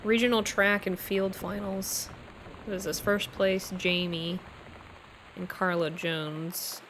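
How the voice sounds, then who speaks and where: A woman's voice: medium pitch, level tone, takes it slowly, fairly bright tone, rough recording. Chatty, cursing woman streamer. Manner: chatty, swears, reads notes aloud stumbling. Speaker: streamer playing a game. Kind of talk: casual gameplay commentary. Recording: live stream with faint room noise.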